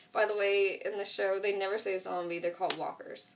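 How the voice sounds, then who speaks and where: A woman's voice: mid-range voice, flat delivery, quick pace, hardly any pauses, recorded from a distance. A woman vlogger casually retelling a TV episode, rambling with lots of fillers like "like" and "you know". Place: at home, with a cat nearby.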